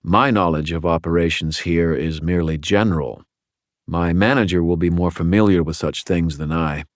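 A polished male crime boss, as a man puts him on in an audiobook speaks with formal, measured calm. The voice sits very low. The recording is dry and close, with no room sound. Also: dry recording, natural voice. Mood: cool, courteous. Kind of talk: audiobook character voice.

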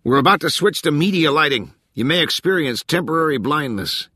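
A man's voice: on the high side, animated, fairly quick, husky, no echo, clean studio sound, pitched above the performer's own voice, exaggerated voice. A man playing a joking crewman on a megaphone. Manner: loud, playful announcing.

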